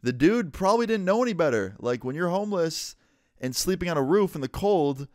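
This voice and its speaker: A man's voice: a little high, expressive, fairly quick, a little mellow, dry recording. Young man telling a story, dry sound. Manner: laid-back, full of "like" and "dude". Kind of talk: casual storytelling.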